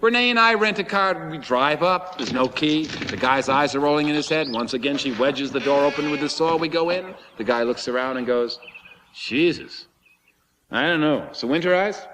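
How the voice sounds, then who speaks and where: A man performing a theatrical storytelling monologue, animated and breathless, slipping into comic voices. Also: fairly high pitch, brisk, hardly any pauses, big-room sound, background noise.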